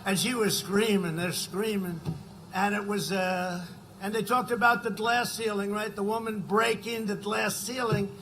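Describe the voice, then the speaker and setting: A man in his seventies giving a rambling campaign rally speech from a podium mic, full of conversational asides and sudden shouted lines. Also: high voice, a little hiss or hum, low-quality recording. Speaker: political rally speaker. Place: political rally.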